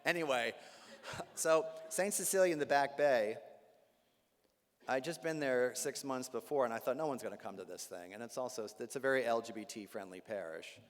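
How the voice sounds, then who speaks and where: A man, a Jesuit priest, giving a talk to a live audience with animated storytelling, humor and asides. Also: mid-range voice, brisk. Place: large hall with live audience. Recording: long hall reverb.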